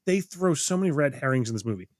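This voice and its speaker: A man's voice: mid-range voice, animated, fast talker, dry recording. Middle-aged man, podcast co-host, casual chat, swears, dry close sound. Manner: rambling, swears casually, acts out quotes. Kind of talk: casual movie review chat.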